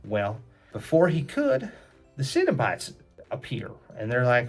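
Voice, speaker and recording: Gentle chatty man telling a kids' story. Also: mid-range voice, huge pitch swings, measured pace, soft background music.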